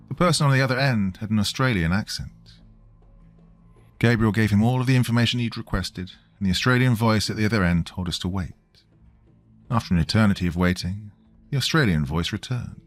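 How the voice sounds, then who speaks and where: A man reading a scripted horror story in a slow, grave storytelling way. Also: on the low side, soft background music.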